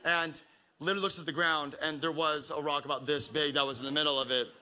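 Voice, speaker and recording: Young male pastor, slightly high, very bright tone, loose conversational sermon delivery with lots of ums. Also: fairly even intonation, fast talker, slight background noise. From Pacific Northwest US. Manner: casual, rambling with many fillers and restarts.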